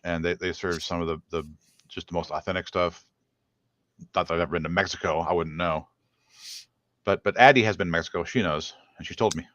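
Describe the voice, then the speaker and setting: A man's voice: deep voice, steady tone, fairly quick, pauses often, a bit bright, dry recording. A man co-hosting a casual cooking live stream, chatty and hesitant, reading out viewer comments. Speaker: cooking show co-host. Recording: dull lo-fi stream audio.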